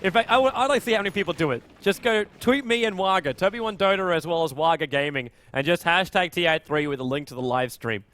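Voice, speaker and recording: Excitable young male esports caster. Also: a little high. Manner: excitable, fast play-by-play in fights. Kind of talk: live game commentary.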